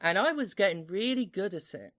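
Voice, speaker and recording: A woman's voice: medium pitch, lively intonation, brisk, a bit bright. A woman from the UK co-hosting a podcast, telling rambling, jokey anecdotes in casual chat. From United Kingdom. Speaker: podcast co-host.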